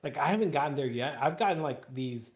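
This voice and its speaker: A man's voice: mid-range voice, lively intonation, a little fast. A man hosting a live trading stream, chatting casually and rambling, repeating words and swearing now and then.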